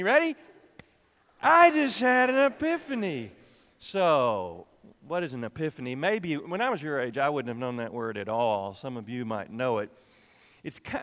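A man's voice: on the high side, fairly bright tone. A man who is an interim pastor, giving a playful children's sermon in a church and coaxing the kids with exaggerated enthusiasm. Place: church sanctuary. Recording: long church reverb.

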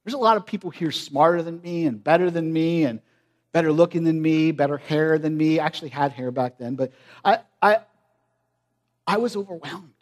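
A man preaching a sermon in an earnest, emphatic way, swinging from loud stresses to hushed lines. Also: a little high, moderate pace.

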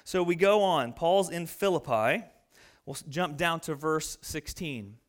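Man preaching, high voice, humorous storytelling, animated, bible reading. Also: unhurried. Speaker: pastor.

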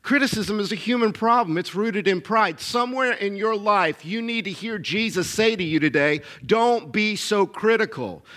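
High-voiced pastor preaching emphatically. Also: male voice, normal speed, hardly any pauses, sharp tone. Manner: emphatic, repetitive, calls for audience responses. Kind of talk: sermon.

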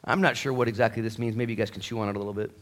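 A man preaching a sermon at a church service in a jokey, conversational way, swinging from quiet asides to loud, excited bursts. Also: fairly low pitch, very fast, a little hiss or hum. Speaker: pastor.

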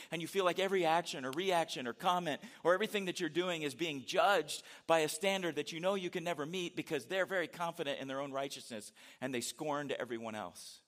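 A man's voice: a little high, fairly bright tone. Conversational man preaching a sermon. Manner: conversational, rhetorical questions, dramatic read-aloud inflection. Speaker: pastor.

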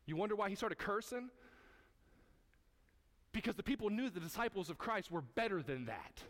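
Pastor guy preaching, fairly high voice, punchy, repeats lines for emphasis, talks straight to the church. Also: animated, moderate pace, a bit bright. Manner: emphatic, repetitive, direct address. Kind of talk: sermon.

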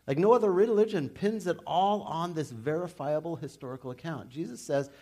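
A man preaching a sermon in a conversational, animated way, with humorous asides. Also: on the high side, a little fast. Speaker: pastor.

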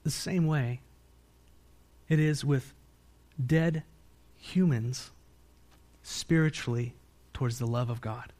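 Preaching slowly and leaving long pauses, an American pastor asks his congregation questions and then supplies the answers. His sermon moves from loud, forceful high points to hushed, low-voiced stretches.

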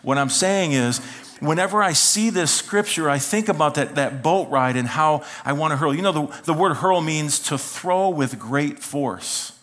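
A man's voice: a little high, moderate pace. A man pastor preaching a sermon in a church, telling a funny personal story and acting out the voices of the people in it. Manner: animated storytelling, acts out voices, self-mocking humor.

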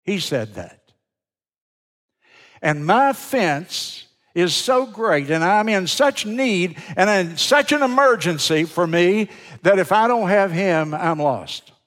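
A man preaching a sermon, telling folksy stories and swinging from loud to hushed. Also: sits high, lively intonation, slow pace. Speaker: pastor. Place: large church sanctuary. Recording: long church reverb.

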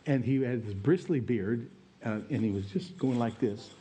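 A pastor preaching a sermon, telling a personal story in an earnest, plain way. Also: male voice, mid-range voice, moderate pace, mellow.

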